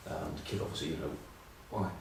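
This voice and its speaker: A man's voice: rumbling low, fast, creaky, heavy reverb, far from the mic, noisy background. A middle-aged English man telling rambling, self-mocking rugby stories in casual chat. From England. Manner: rambling, self-mocking anecdotes with many ums. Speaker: rugby pundit.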